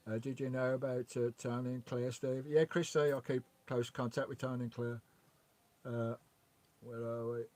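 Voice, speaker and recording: A man hosting a relaxed vanlife livestream outdoors by a lakeside. He chats on, greets viewers by name and reads out their comments. He talks into a remote microphone, steady and conversational. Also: medium pitch, moderate pace. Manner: chatty, greets and reads out viewers' chat messages. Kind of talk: casual live-stream chat. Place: outdoors by a loch beside his van.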